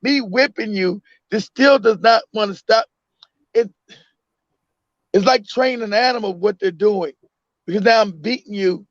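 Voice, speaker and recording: A high-pitched man talks in a casual chat, emphatic and repeating his points. The sound is dry and close. The audio is dull and lo-fi. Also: no room sound. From United States. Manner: emphatic, repeats himself, acts out a mother.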